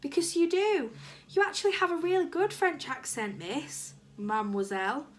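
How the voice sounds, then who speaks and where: A woman's voice: sits high, normal speed, pitched above the performer's own voice, lightly acted. A woman reading aloud, voicing a nervous, apologetic young schoolboy. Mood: flustered. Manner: flustered, apologetic.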